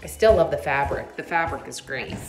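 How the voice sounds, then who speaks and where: A woman's voice: low voice, animated, fairly quick. A woman vlogging in a casual, chatty way, thinking aloud as she goes. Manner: chatty, thinks aloud, drops to a whisper at times. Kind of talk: casual vlog chat. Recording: echoey room with music behind.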